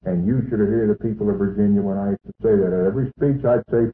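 A man's voice: fairly low pitch, brisk, hardly any pauses, a little hiss or hum. A man giving an emphatic, boastful rally speech to an audience in a meeting hall. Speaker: political speaker. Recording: tinny, echoey archival hall recording.

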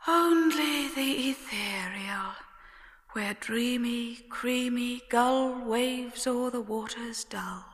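A woman's voice: high voice, slow, pushed and bright, exaggerated voice. Lofty prim nymph played by a woman. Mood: dreamy whisper. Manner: lofty and haughty. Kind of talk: radio drama acting. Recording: long hall reverb.

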